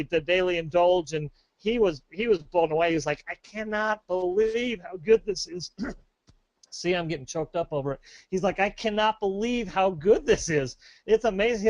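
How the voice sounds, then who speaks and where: An upbeat man with a fairly high voice pitches products on a webinar. He rambles with plenty of fillers and false starts. The sound is close and dry, with no room around it. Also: no room sound, dull audio. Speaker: webinar presenter.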